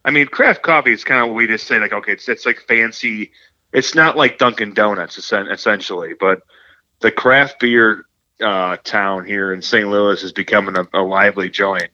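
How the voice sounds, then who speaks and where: A man's voice: lowish voice, fairly even intonation, normal speed, sharp tone, no room sound, highs cut off. A man guesting on a casual podcast, rambling and stumbling over repeated words as he jokes.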